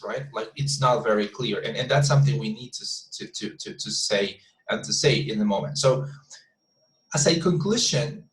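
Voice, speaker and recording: A man teaches an online English class, often repeating himself and checking in with "you see?" as he explains. His voice sits at a middle pitch. The sound is echoey, as if recorded in a bare room. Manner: frequent restarts and "you see?" check-ins.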